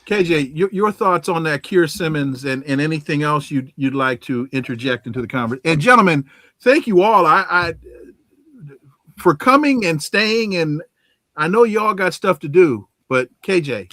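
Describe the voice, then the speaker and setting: A man hosting a podcast panel, moderating and turning to his guests in a halting way. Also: on the high side, expressive, pushed and bright, no room sound. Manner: halting, restarts often when turning to guests. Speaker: podcast host.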